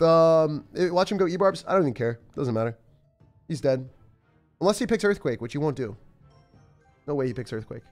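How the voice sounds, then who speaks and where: Young male streamer, animated swings in pitch, excitable play-by-play with faint music behind. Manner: excitable, talks to himself while playing, sudden yelps. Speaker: game streamer. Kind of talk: live gameplay commentary.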